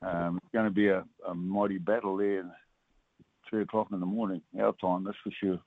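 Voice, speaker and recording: An older man with a New Zealand accent, a former rugby player talking as a guest on a radio phone-in, halting and full of fillers and restarts. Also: deep voice, flat delivery, no room sound. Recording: tinny phone line.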